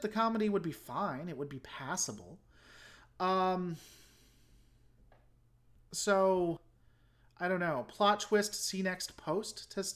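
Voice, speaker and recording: A host talking casually through a trailer reaction and answering comments from viewers. The delivery rambles and is plainly critical, and sentences are often begun again partway through. The pitch sits in a middle register. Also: a bit bright. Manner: frank and opinionated.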